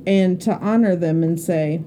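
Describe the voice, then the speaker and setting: Chatty, laughing woman with a low, mellow voice. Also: a little slow, slight background noise. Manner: chatty, laughing, self-mocking. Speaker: podcast co-host. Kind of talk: casual podcast chat.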